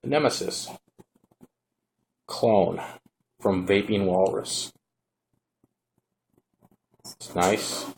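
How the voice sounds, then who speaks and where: A man giving a relaxed, rambling hands-on product review at home, talking to the camera as he shows the device. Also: low voice, slight background noise.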